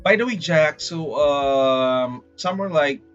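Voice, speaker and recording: A man with a Filipino accent chatting casually on a livestream, rambling and excitable, often saying "freaking". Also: fairly high pitch, takes it slowly, lo-fi sound, faint music behind. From Philippines. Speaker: VTuber streamer.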